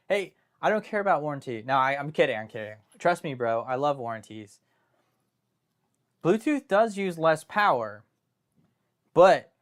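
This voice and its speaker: A man's voice: on the high side, clean tone. A young man hosting a live stream, chatting casually and rambling through joking asides and self-interruptions.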